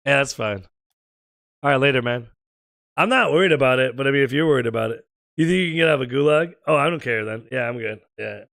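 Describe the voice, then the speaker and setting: An American man streaming a game and chatting casually with his viewers, joking, teasing and firing off quick questions. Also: mid-range voice, creaky, a bit bright, no echo, studio quality. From United States. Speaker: gaming streamer.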